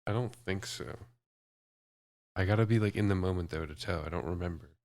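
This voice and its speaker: Podcast co-host, man, very low voice, dry close mic, brief deadpan replies. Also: fairly quick, no room sound. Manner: short dry reactions and questions. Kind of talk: casual chat.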